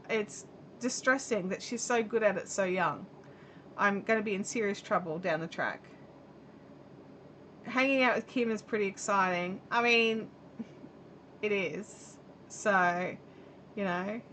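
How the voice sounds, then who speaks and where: A woman's voice: mid-range voice, a bit bright, a little hiss or hum. A middle-aged Australian woman hosting a live stream at home, chatting in a rambling way and reading viewer comments aloud while she crochets. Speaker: livestream host. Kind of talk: casual chat while crocheting. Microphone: camera mic on a live stream.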